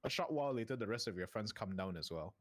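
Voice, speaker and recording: A man's voice: lowish voice, animated, quick pace, dry recording. A man narrating as game master of a tabletop game, easygoing and laughing often.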